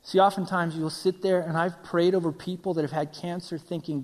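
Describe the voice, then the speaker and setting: A middle-aged man preaching a sermon, acting out quoted voices and swinging between loud, urgent passages and hushed near-whispers. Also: high-pitched, steady tone, fairly quick, hardly any pauses. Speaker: pastor. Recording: long reverb of a large hall.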